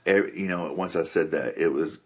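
A man's voice: low-pitched, brisk. A middle-aged man hosting a Christian family podcast, upbeat and jokey, often saying "that's right" as he motivates listeners. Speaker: podcast host.

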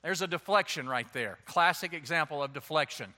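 A man preaching a sermon as a pastor, animated and slipping into playful voices to act out excuses. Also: a little high, brisk. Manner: animated, acts out quoted excuses in changing voices.

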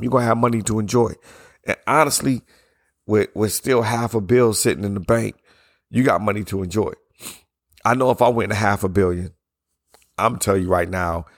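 Middle-aged male podcast host, low hoarse voice, blunt casual opinions, close dry mic. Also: dry recording. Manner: blunt, opinionated, loose and conversational; yawning between sentences. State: hoarse, strained voice from yelling. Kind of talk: casual solo podcast monologue.

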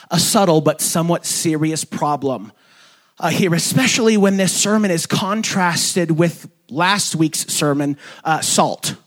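Chatty young pastor preaching, fairly high voice. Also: male voice. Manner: conversational preaching with fillers and self-corrections; acts out quoted voices in sudden high pitch. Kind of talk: sermon. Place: church sanctuary.

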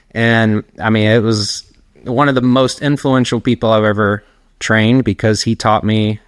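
A middle-aged personal trainer with a medium-pitched voice tells long, wandering stories as a guest in a casual interview, laughing while he talks. The recording is studio quality with no room sound.

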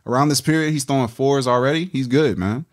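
A man co-hosting a casual hip-hop review podcast, excitedly reading lyrics aloud and breaking down the rhyme schemes, laughing often. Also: medium pitch, quick pace. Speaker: podcast co-host.

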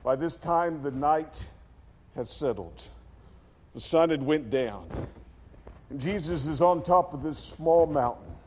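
A man preaching a sermon as dramatic storytelling, acting out scenes in character voices and swinging from shouts to quiet. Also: fairly high pitch, slow pace, pauses often, slight background noise. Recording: long hall reverb.

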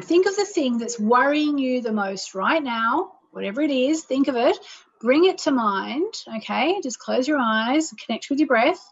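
A woman's voice: a little high, husky, lo-fi sound. A woman hosting a call-in show, guiding listeners through a meditation and chatting with callers in a soothing, chatty way. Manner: soothing and chatty, leads chants. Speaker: radio show host and astrologer. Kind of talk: guided meditation and call-in chat. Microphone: plain microphone without reverb.

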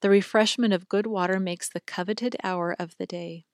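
Woman, book reading, calm, measured, reverent, medium pitch, dry close recording. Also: no room sound. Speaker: reader.

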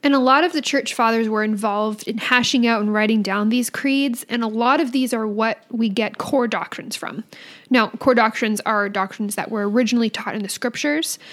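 Earnest higher-voiced woman co-host. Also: normal speed. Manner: earnest, animated, conversational. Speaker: podcast co-host. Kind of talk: casual religious discussion.

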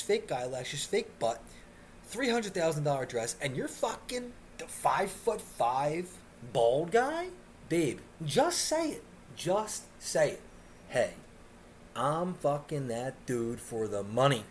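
Male podcast host on a comic rant, animated delivery with mocking impressions, faint noise behind. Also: fairly high pitch. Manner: animated, mocking put-on voices when quoting others. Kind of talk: comedic rant. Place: Miami area.

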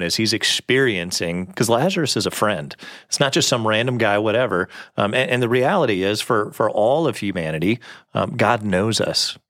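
A man's voice: on the low side, fairly bright tone, dry recording, studio quality. A man co-hosting a faith talk, speaking earnestly and reflectively with many ums. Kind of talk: casual conversational preaching.

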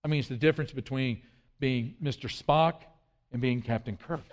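A man's voice: medium pitch, moderate pace. A man preaching a sermon with earnest emphasis, quoting scripture and often repeating his words. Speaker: pastor. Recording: long hall reverb.

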